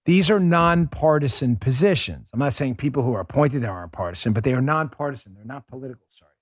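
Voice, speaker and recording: A man's voice: medium pitch, lively intonation, quick pace, husky, no room sound, studio quality. A man hosting a political commentary show, speaking emphatically and sarcastically straight to his listeners. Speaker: show host.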